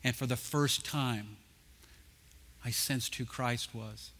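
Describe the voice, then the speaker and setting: Bright-voiced man telling stories on stage. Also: medium pitch, takes it slowly. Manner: animated anecdotal storyteller with jokes. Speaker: conference speaker. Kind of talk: storytelling talk. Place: conference stage.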